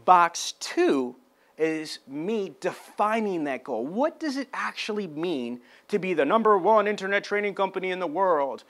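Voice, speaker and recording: A man giving a motivational business talk, loud and emphatic, acting out dialogue as he tells a story. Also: sits high, lively intonation, a little slow. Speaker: sales trainer.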